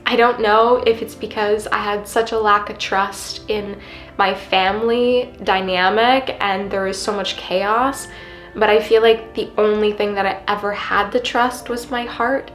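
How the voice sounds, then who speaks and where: A woman's voice: medium pitch, steady tone, unhurried, fairly bright tone. A young woman vlogging in a casual, confessional chat, earnest and rambling with many fillers. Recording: roomy with faint music behind.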